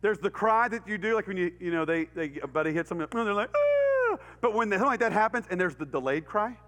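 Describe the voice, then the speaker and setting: A middle-aged man with a Texan accent preaches to a college crowd, spinning a story and acting out the voices and sound effects. His voice sits high and bounces all over the place. Long reverb from the church hall trails behind his words. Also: quick pace. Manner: animated, acts out voices and sound effects, laughs often. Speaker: pastor. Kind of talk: storytelling sermon.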